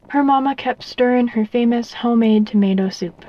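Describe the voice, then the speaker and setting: A woman narrating a story expressively, going softer in the sad passages. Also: a little high, moderate pace, hardly any pauses, lo-fi sound.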